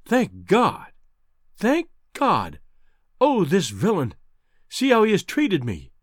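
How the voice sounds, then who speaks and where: A man's voice: fairly high pitch, huge pitch swings, moderate pace, no room sound, clean studio sound. A man reading aloud and voicing a distraught, fierce young married woman with an emotional, pleading manner. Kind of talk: audiobook character voice.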